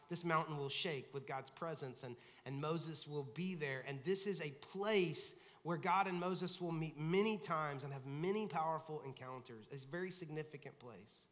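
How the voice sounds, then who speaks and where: A man preaching a relaxed, conversational sermon, his voice sitting on the higher side for a man. He slips into playful voices for the people he quotes. The sound carries a long reverb, as in a large church sanctuary. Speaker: lead pastor.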